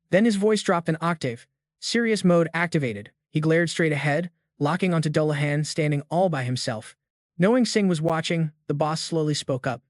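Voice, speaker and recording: A man narrates a comic recap with a slightly raised pitch and a slangy, hyped-up delivery. The sound is dry and close, with no room around it. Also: moderate pace, no room sound. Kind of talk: scripted narration.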